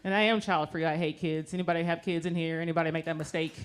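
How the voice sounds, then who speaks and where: A woman's voice: deep voice, flat delivery, quick pace. Brash profane woman doing stand-up. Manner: brash, profane, conversational punchlines. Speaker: stand-up comedian. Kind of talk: stand-up comedy set. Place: comedy club stage with live audience. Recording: audience laughter and noise.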